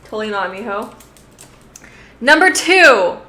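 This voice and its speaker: A woman's voice: a little high, big pitch swings, unhurried, sharp tone. A woman streamer chatting casually with her viewers, giggly and rambling, swearing freely. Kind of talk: casual live-stream chat. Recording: roomy echo.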